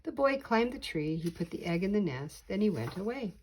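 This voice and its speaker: An older woman, a grandmother, reading a children's picture book aloud slowly and expressively. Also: mid-range voice, slightly rough. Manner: slow, deliberate, expressive reading. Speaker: storyteller.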